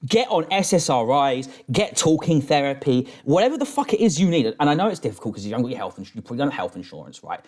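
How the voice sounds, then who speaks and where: Fields: Man. Style: swearing, lively reaction rant. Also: mid-range voice, fast, few pauses. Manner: angry, swears constantly, rambling restarts. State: drinking during stream. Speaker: streamer reacting to a video.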